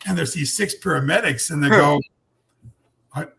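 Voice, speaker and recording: A man in his sixties, a podcast guest, telling a personal story frankly and earnestly, with blunt language and halting restarts. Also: a little high, gravelly, bright, forceful tone.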